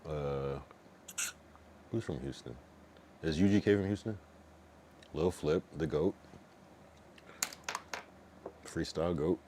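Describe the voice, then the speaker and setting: A man's voice: extremely low pitch, a little slow, mellow, a little hiss or hum. A man in his late thirties, a livestreamer rambling in casual chat, swearing and answering his chat.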